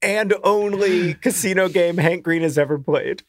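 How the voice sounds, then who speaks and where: A man's voice: sits high, a little slow. A man with a Southern accent co-hosting a podcast, making dry jokes in casual chat. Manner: dry, joking. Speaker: podcast co-host.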